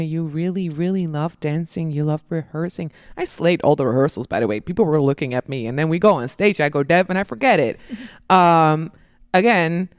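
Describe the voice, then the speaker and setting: A woman's voice: low voice, darkish tone, dry recording, clean studio sound. A woman guest on a podcast, talking casually and animatedly about dance, laughing at herself and acting out little quotes.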